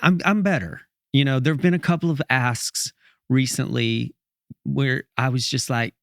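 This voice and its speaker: A songwriter guest on a podcast who talks earnestly and reflectively and thinks aloud. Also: male voice, medium pitch, fairly even intonation, moderate pace, fairly bright tone, no echo, studio quality. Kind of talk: casual interview conversation.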